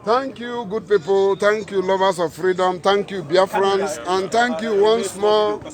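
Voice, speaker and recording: A man's voice: high-pitched, a little slow. A man giving a rally speech outdoors, preaching with rhetorical questions and calls to action. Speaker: protest speaker. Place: outdoor street protest. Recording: loud crowd outdoors. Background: crowd.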